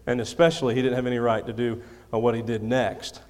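A man preaching in a church sanctuary, his voice ringing with a long hall reverb. He presses his points by repeating them and pokes fun at himself, sitting at a middle pitch. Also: level tone, fast talker, a little mellow. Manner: emphatic, repeats key lines, self-deprecating humor. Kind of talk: sermon. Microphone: handheld or stand microphone.

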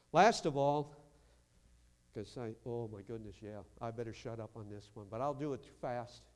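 A man preaching a lively sermon as pastor in a church, acting out quotes and breaking into shouts. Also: medium pitch. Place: church sanctuary. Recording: long hall reverb.

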